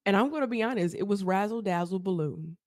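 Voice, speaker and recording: A woman, a therapist, telling her story as a podcast guest, animated and laughing often as she acts out quotes. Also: mid-range voice, fast, no echo, studio quality. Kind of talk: casual storytelling interview.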